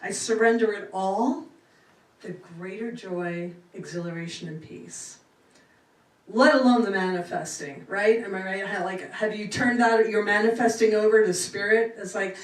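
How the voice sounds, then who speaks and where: A middle-aged woman giving a spiritual talk to a congregation with a lively, laughing cadence. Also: medium pitch, normal speed. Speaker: inspirational speaker. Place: church sanctuary. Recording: roomy hall from far off.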